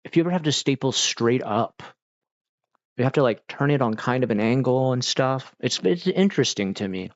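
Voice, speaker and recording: A man's voice: mid-range voice, animated, moderate pace, no echo. A middle-aged man streaming live, chatting casually with viewers in a rambling, laid-back way, full of "like" and "dude". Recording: dull, dry lo-fi mic.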